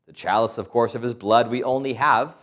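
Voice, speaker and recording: A man's voice: medium pitch, brisk, fairly bright tone. A middle-aged man, a priest, preaching a sermon with stories, asides and quoted voices.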